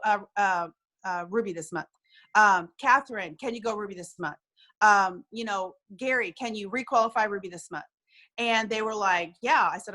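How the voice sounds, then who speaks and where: This woman tells a heartfelt story over a video call in a twang. She is animated, plays out the conversations she recounts and stumbles into quick restarts. Her voice sits at an ordinary middle pitch. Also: poor audio. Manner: animated, acts out quoted dialogue, frequent restarts. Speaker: guest sharing a success story. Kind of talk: emotional personal storytelling.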